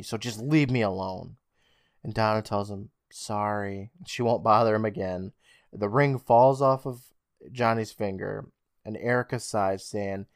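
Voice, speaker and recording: Low-voiced man retelling a plot, dry mic. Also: dry recording. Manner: storytelling retell with swearing, acts out lines. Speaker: podcast co-host recapping an episode. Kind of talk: casual recap chat.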